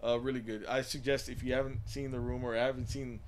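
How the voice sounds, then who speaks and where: A man's voice: medium pitch, flat delivery, fast, slight background noise. A man co-hosting a casual chat show, rambling with many restarts and frequent laughter. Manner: rambling, laughs often, repeats words. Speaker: podcast co-host.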